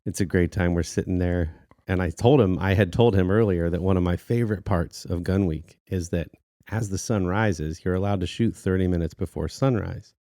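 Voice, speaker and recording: A man in his thirties tells a story with a low, deep voice in casual podcast chat. He is animated and laughs often. The sound is dry and close. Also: normal speed, no room sound. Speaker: podcast co-host.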